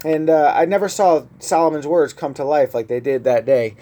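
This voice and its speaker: A pastor with a somewhat high male voice delivers a sermon in a relaxed, conversational manner. He moves between scripture readings and personal anecdotes in an easy, talky style. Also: normal speed. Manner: conversational preaching with personal stories.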